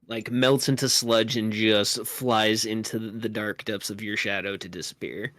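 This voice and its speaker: A man narrating a tabletop session as game master, his descriptions low-key and hushed. The sound is dry and close, with no room around it. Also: little pitch movement, normal speed, no room sound.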